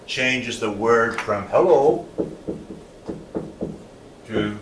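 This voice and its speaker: A slow, patient man teaching a class, repeating each word for his students. His voice sounds roomy and distant in the classroom, with faint ambience behind it. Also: mid-range voice, lively intonation, a little hiss or hum. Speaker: language teacher.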